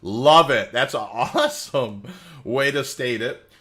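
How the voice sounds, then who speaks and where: Chatty, lively-voiced male game streamer. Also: medium pitch, takes it slowly. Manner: rambling, chatty, many fillers; reads chat messages aloud and answers them. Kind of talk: casual livestream chat.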